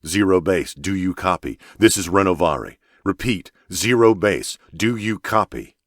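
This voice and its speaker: A man voicing a calm male expedition captain who gives firm, commanding orders, in an audiobook. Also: rumbling low, fairly quick, dry recording, studio quality. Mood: steady. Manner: firm, commanding radio calls. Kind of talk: audiobook character voice.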